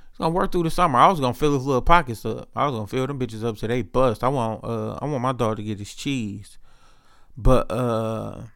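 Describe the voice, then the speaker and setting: A podcast host telling rambling personal stories in a casual solo monologue, full of slang and profanity. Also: male voice, medium pitch, gravelly, a bit bright, no room sound, clean studio sound.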